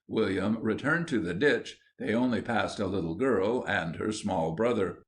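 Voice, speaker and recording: A man reading an audiobook in a measured, wry storytelling voice. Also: fairly low pitch. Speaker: audiobook narrator.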